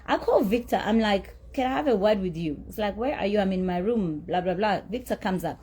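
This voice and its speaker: A woman's voice: mid-range voice, lively intonation, brisk, dark tone, slight background noise. A woman telling her side of a payment dispute in a blunt, indignant monologue, often repeating herself for emphasis. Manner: blunt, indignant storytelling with profanity; emphatic repetition. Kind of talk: candid monologue.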